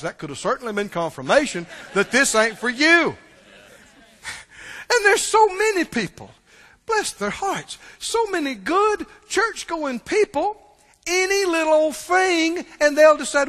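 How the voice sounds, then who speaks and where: A male preacher delivering an animated sermon and calling for answers from the congregation. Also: very high-pitched, moderate pace. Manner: animated, calls for responses from the congregation. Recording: long church-hall reverb.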